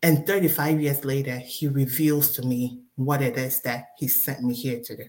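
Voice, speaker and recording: Woman guest storyteller, low voice, faith testimony, animated, acts out dialogue. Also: normal speed.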